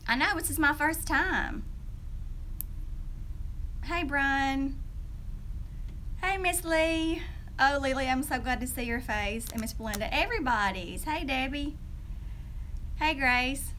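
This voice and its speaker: A woman chats on a livestream from her classroom, greeting viewers one by one. Her voice is bright and pitched a bit high, and a light hiss of noise sits under it. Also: takes it slowly, pauses often. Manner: chatty, greets viewers by name, nervous and giggly. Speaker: teacher livestreaming to her channel. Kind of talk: casual livestream chat.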